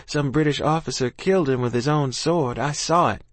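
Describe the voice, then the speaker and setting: A man's voice: on the high side, moderate pace, no room sound, voice pushed up, close to an everyday voice. A man doing a meek, polite young girl. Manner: meek, respectful.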